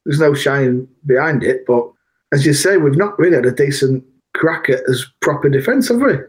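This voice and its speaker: A man trading blunt, jokey banter as a football podcast co-host, with the odd mild swear. His voice has an ordinary middle pitch. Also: animated, moderate pace. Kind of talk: casual football podcast chat.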